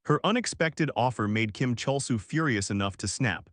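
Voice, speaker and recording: A male narrator reading a dramatic story recap from a script. The delivery is lively, rising and falling a lot. The voice sounds close and dry. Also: mid-range voice, moderate pace, few pauses, no room sound.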